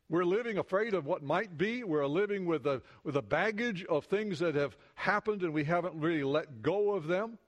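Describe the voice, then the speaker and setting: Guy preaching in church, voice on the high side, asks the crowd stuff, goes real soft on key words. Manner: questions to the congregation, drops to soft intimate emphasis. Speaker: pastor. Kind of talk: sermon.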